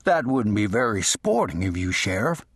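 A man voicing a whiny, husky outlaw gunman. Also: on the low side, sing-song, normal speed, no room sound, studio quality, full character voice. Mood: sly mocking. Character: defiant dazed outlaw gunman, whiny and sly.

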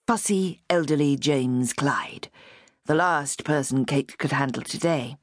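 A woman narrating an audiobook of a novel in an expressive, lively way. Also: rumbling low, a little slow, dry recording, studio quality.

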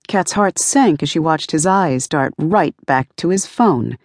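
A woman narrating an audiobook in a measured, even storytelling manner on a close studio mic. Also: low-pitched, no room sound. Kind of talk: scripted narration.

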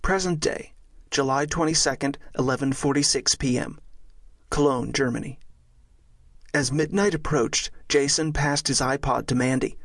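A man narrates a thriller audiobook in a measured, steady way. His mid-pitched voice carries a gravelly texture. The recording is dry and close, with no room sound. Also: dry recording.

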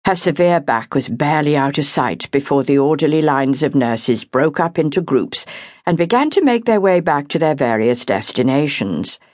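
Female audiobook narrator, lively measured delivery, dry studio sound. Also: sits low, dry recording. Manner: expressive, measured storytelling. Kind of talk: scripted narration.

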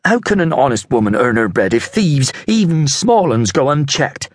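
A male narrator voicing a shrill, spiteful medieval apple-selling woman. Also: big pitch swings, moderate pace, no room sound, studio quality. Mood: indignant. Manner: shrill, sneering and scolding.

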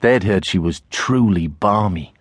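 A middle-aged man with a Tyneside accent narrating a children's novel in the first person, expressive storytelling. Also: deep voice, measured pace, slightly rough, no echo, clean studio sound. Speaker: audiobook narrator.

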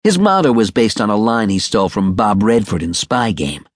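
A man's voice: on the low side, animated, moderate pace, no room sound, studio quality. A man narrating a crime audiobook with a wry, sardonic delivery. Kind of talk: scripted noir narration.

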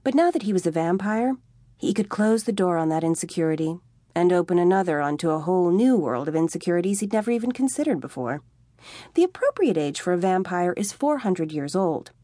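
A woman narrating a comic novel with a wry, expressive reading, close to a studio mic. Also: lowish voice, brisk, dry recording. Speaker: audiobook narrator. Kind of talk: scripted narration. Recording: dry studio audiobook.

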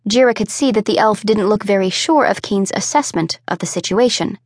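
A woman narrating an audiobook in a measured, expressive way. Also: mid-range voice, dry recording, clean studio sound. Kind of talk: scripted narration.

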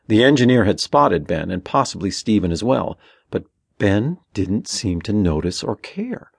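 Male audiobook narrator, gravelly, expressive lilt, dry close recording. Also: fairly low pitch, dry recording. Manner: steady, measured storytelling. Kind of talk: scripted narration.

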